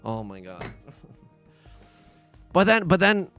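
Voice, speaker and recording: A young man commentating his own game as he plays, anxious and pleading, often begging out loud and exclaiming. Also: fairly high pitch, big pitch swings, slow, soft background music. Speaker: let's play host. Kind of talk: live gameplay commentary.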